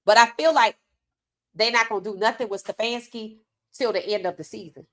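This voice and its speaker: A woman's voice: fairly high pitch, brisk, fairly bright tone. Outspoken woman sports podcast host. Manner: outspoken, reads chat comments aloud. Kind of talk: casual live-stream commentary.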